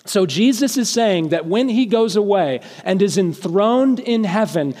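A man's voice: high-pitched, animated, measured pace, a little mellow. A male pastor preaching a sermon earnestly, now and then lifting his voice for emphasis. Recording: long hall reverb.

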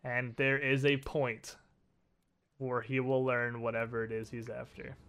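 A male game master narrates a tabletop game in a bright, clear voice. He takes an unhurried pace and stretches words out for dramatic emphasis. His storytelling is lively and expressive. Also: mid-range voice.

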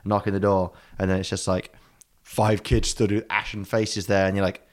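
A fairly low-pitched man chatting casually on a podcast. He improvises as he goes, swears freely and rambles through stories with comic asides. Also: flat delivery, moderate pace. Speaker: podcast co-host. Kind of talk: casual comedic chat.

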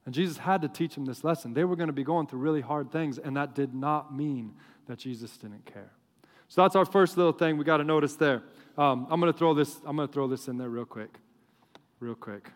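Male preacher, high voice, animated joking storyteller, long hall reverb. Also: brisk. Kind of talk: sermon.

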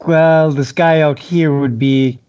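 A man playing in a tabletop game, thinking out loud hesitantly as he plans his turn. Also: a little high, steady tone, smooth, muffled recording. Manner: hesitant, thinking aloud with pauses and fillers. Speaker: player (rogue). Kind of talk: casual tabletop play.

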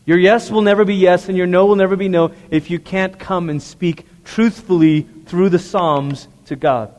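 Long reverb from a large hall fills this recording of a man preaching a sermon in church. His voice sits high and is a little mellow, with fairly even intonation and a moderate pace, and he talks earnestly and conversationally, often questioning the congregation directly.

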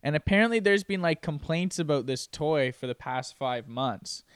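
A man co-hosting a laid-back comedy podcast, talking in loose, filler-packed runs and laughing between them. His voice sits a bit high and sounds smooth and clear. The close mic keeps it dry, with no room sound. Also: animated, moderate pace, no room sound. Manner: rambling, filler-heavy, laughing often. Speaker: podcast co-host. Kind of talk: casual comedy podcast banter.

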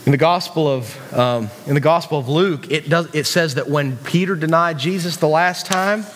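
A West Virginian man preaching in a church hall, his voice high and carrying a long reverb. He talks in a loose, conversational way, restarting sentences and tossing asides to the room. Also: moderate pace, fairly bright tone, slight background noise. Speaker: youth pastor. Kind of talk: sermon.

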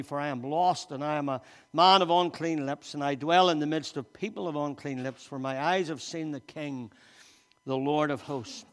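A man preaching a sermon in a church, reading scripture aloud and speaking with emphasis, often repeating and restarting his words. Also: a little high. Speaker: pastor. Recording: long reverb of a church hall.

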